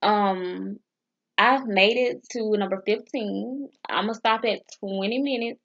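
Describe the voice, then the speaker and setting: A woman's voice: mid-range voice, slow pace, muffled recording. A woman vlogger chatting casually as she practices phrases, hesitant and stumbling over foreign words. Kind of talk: casual study vlog.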